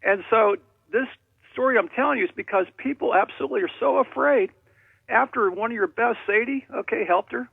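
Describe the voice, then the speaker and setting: A man's voice: very high voice, brisk, gravelly, slightly rough, no echo. A man calling in to a radio show, telling rambling, jokey stories over a phone line. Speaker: caller.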